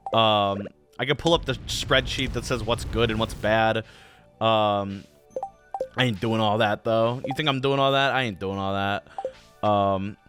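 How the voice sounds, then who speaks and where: A man's voice: mid-range voice, fairly bright tone. A young man hosting a casual game playthrough, rambling with lots of "um"s and jokey slang. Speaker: gaming channel host. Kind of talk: casual let's play commentary.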